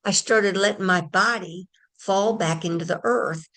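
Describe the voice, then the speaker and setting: With a medium-pitched, slightly slow and somewhat bright voice, a woman delivers a casual spiritual talk as a teacher, addressing listeners directly while telling a chatty story.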